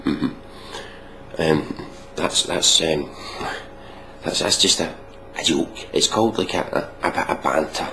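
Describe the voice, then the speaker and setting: A man's voice: very deep voice, slow pace, pushed and bright, a little hiss or hum, low-quality recording. A man hosting a casual reaction video, mocking and sarcastic, swearing freely.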